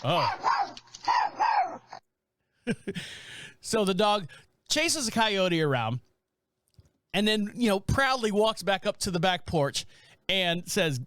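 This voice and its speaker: Lively high-voiced male podcast host. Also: slow, pauses often, dry recording. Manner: animated, laughs often, chatty with fillers. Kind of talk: casual commentary.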